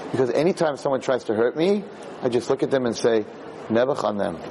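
A man, a rabbi, giving an informal Torah class, animated and rambling as he searches aloud for the right word. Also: mid-range voice, fast, slight background noise, poor audio.

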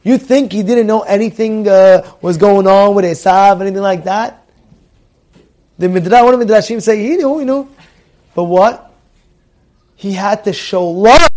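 A middle-aged man teaching a Torah class, animated, repeating phrases for emphasis, asking his listeners questions and using Hebrew terms. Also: sits high, moderate pace.

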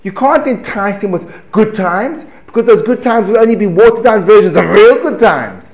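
A man giving a lively Torah class, asking rhetorical questions, breaking off mid-phrase and chuckling as he teaches. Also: sits high, moderate pace, lo-fi sound. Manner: animated, rhetorical questions, self-interrupting and chuckling. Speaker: religious teacher. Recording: echoey room.

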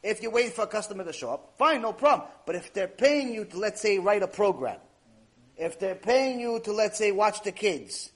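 A man delivers a lecture with a fairly high voice that moves a lot. He tells stories and drives his points home by repeating key phrases. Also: lively intonation, normal speed. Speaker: Torah teacher. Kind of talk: lecture storytelling.

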